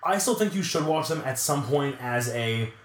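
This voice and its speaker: A man's voice: mid-range voice, expressive, normal speed. A young man co-hosting a podcast in a chatty, agreeable, playful way. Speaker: podcast co-host. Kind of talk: casual chat. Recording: echoey room.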